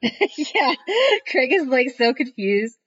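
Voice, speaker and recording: A woman co-hosting a podcast, adding wry asides and quick agreements. Her voice is fairly high and comes through on dull, lo-fi audio. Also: animated, fairly bright tone, breathy edge. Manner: wry, chiming in with short agreements. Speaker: podcast co-host. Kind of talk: casual recap chat.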